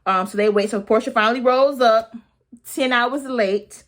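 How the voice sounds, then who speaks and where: A woman in her thirties giving a casual, sassy recap of a reality show, chatty and full of slang and quick asides. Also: on the high side, a bit bright. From United States. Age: 30s.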